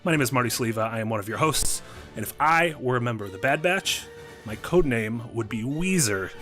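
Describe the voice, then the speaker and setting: A man's voice: mid-range voice, lively intonation, fairly quick, sharp tone, soft background music. A man hosting a casual panel discussion, upbeat and conversational as he steers the talk. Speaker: show host.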